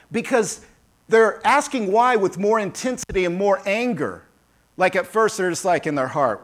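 A man preaching a sermon as pastor, lively and emphatic, acting out quoted voices and calling on the congregation. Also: high voice.

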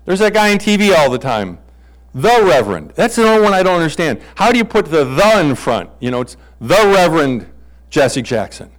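Joking pastor preaching a sermon. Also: male voice, on the high side, big pitch swings, fairly quick, rough recording. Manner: playful, acts out bible characters in comic voices. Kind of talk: conversational sermon.

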